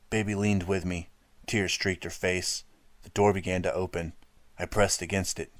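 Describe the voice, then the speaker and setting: A man narrating an audiobook in a steady first-person storytelling manner, close to the mic. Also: sits low, moderate pace, dry recording. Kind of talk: scripted narration.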